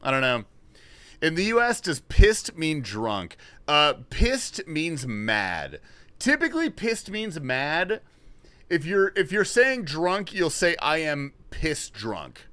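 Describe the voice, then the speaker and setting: Animated, bright-voiced man streaming. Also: fairly high pitch, takes it slowly, clean tone. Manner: thinks aloud, swears when frustrated. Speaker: livestreamer. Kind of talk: casual livestream chat while playing a word puzzle.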